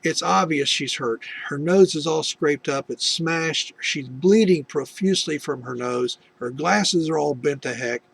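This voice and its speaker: A man's voice: on the high side, measured pace, vocal fry, few pauses, a bit bright, breathy edge. A middle-aged man from the United States telling a personal faith testimony, rambling with many restarts and asides. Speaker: video testimony host.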